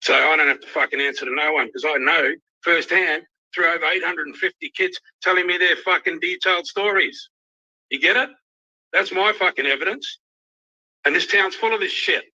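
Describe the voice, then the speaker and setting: A man's voice: on the high side, normal speed, pushed and bright. An angry, emotional Australian man ranting on a livestream, swearing constantly. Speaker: youth worker ranting on a livestream. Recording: dull lo-fi livestream audio.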